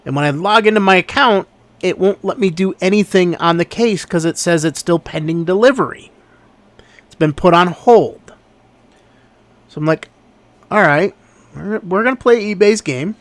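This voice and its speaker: A man telling a story in a casual vlog, exasperated and animated as he recounts what happened. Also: high voice, no echo. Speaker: online reseller.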